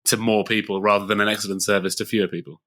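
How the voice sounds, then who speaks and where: A man's voice: fairly low pitch, flat delivery, very fast, a bit bright. A man co-hosting a podcast, reading out listener questions and responding in a friendly, casual way. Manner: friendly, reads questions aloud, brief affirmations.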